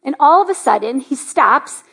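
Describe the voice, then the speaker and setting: A woman pastor speaks to her church in a chatty sermon. Her voice sits high, and she fills her story with "like". She often lifts into eager excitement. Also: moderate pace. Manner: chatty, lots of "like", rising to excited. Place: church sanctuary.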